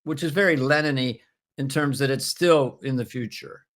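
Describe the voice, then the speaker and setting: A man in his seventies, a comedian guest, chatting in a halting way with many restarts and frequent laughs. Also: medium pitch, fairly bright tone. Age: 70s. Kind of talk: casual interview chat.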